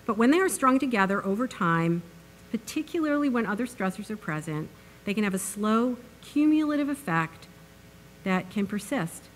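A woman's voice: mid-range voice, lively intonation, normal speed, slight background noise. A woman giving an academic public lecture in an earnest way, with many fillers and restarts, recorded on a microphone in a university lecture hall.

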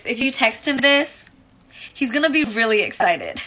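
A woman's voice: fairly high pitch, lively intonation, normal speed, sharp tone. A young woman giving casual dating advice straight to camera, sassy and direct, calling her listeners sis.

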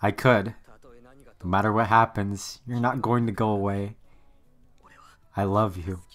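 A man's voice: fairly low pitch, fairly even intonation, a little slow, faint music behind. Subaru, a stubborn devoted young man. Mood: tender. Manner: impassioned, shouting. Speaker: anime dub character. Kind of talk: anime dub acting.

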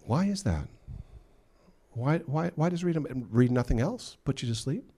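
A man's voice: a little high, animated, unhurried, dark tone, slightly rough. A male pastor delivering a sermon with emphatic delivery, acting out the voices he quotes. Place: church.

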